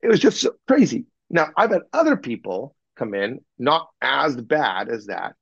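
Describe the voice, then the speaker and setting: A man working as a communication coach, telling animated stories about clients and acting out what they said in an interview. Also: medium pitch, moderate pace, vocal fry, no echo, dull audio. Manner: animated anecdotes, acts out clients in quoted voices. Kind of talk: podcast interview, storytelling.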